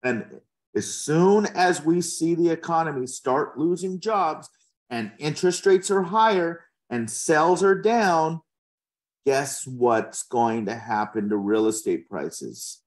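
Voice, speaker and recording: Passionate, opinionated man, fairly high voice. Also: expressive, slow pace. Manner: passionate and opinionated, repeats words as he talks. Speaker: real estate agent. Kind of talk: casual conversational interview.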